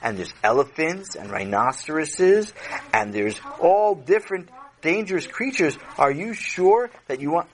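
A man's voice: a little high, sing-song, a little slow, rough recording. A man voicing a timid Jewish servant who answers his master hesitantly in a children's audio story. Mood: meek. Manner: meek, hesitant.

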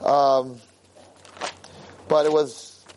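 A man's voice: mid-range voice, drawn-out words, a little hiss or hum, poor audio. A man giving a Torah lecture as a rabbi, telling stories in an emphatic, rambling way. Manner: animated, emphatic, rambling storyteller.

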